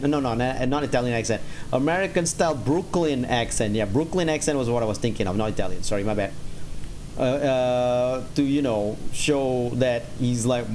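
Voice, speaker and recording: A man's voice: medium pitch, a little mellow, a little hiss or hum. A young man chatting casually while streaming a game, rambling and laughing often. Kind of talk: casual gaming stream chat.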